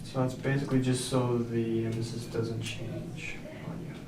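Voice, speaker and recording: A man patiently walks a student through a grammar rule, checking often that she follows. His voice comes from a distance in an echoey room. Steady noise runs underneath. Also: mid-range voice, normal speed. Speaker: Spanish tutor. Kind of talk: explaining grammar at a whiteboard.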